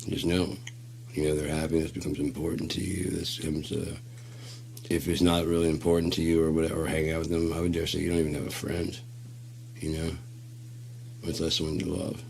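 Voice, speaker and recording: A man's voice: a bass voice, little pitch movement, fairly quick, creaky, darkish tone, slight background noise. A man rambling in a casual, profane monologue. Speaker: solo talker.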